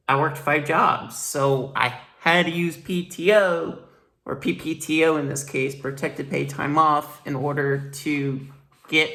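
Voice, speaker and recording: This is a vlogger's personal commentary monologue. The voice sits at a middling pitch. It rambles and sounds blunt and upset, with swearing now and then. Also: vocal fry, fairly bright tone.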